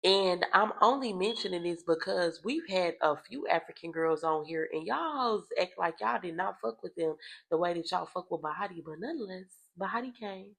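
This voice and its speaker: Lowish voiced young woman spilling reality show tea, loud and messy and swearing a lot. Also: normal speed, vocal fry, breathy edge. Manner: animated, profane, dramatic storytelling with sudden loud outbursts. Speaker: reality TV recap host. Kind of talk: casual gossipy commentary.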